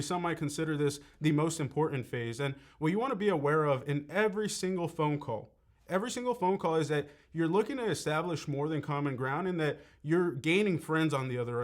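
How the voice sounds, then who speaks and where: A young man giving a sales training lesson in a conversational way, often checking in with "right?". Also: a little high. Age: young adult. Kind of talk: coaching talk.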